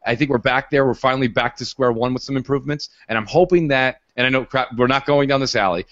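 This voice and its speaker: Excitable man telling a story, dull sound. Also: mid-range voice, fast talker, dry recording. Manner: excitable storyteller, acts out quotes loudly. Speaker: podcast panelist. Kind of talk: casual chat.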